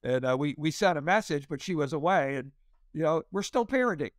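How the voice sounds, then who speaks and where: Man in his sixties, lively storyteller, slightly high voice, dry sound. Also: brisk, dry recording. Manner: animated storyteller, acts out quotes in a raised voice. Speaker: pastor and comedian, guest. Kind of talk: storytelling interview.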